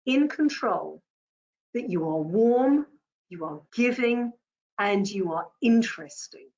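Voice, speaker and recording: Woman teaching how to speak on camera, takes it slow, repeats stuff, kinda muffled audio. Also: a little high, lively intonation, a little mellow. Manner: deliberate, instructive, repeats key points. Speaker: communication trainer. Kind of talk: presentation skills coaching talk.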